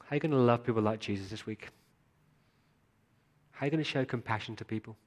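A man's voice: medium pitch, fast, a little mellow. A male pastor giving a sermon, speaking earnestly and appealing directly to his congregation.

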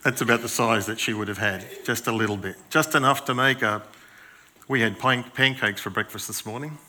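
Brisk and forceful, a medium-pitched, bright male voice carries an older pastor's sermon in a church hall, with a little hiss or hum in the audio. He chats, jokes at his own expense and asks the children questions.

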